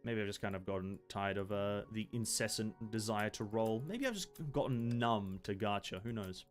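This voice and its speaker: A man's voice: lowish voice, moderate pace, hardly any pauses, soft background music. Rambling, swearing male game streamer. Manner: rambling, swears often, restarts a lot. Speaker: gaming streamer. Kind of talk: casual live-stream commentary.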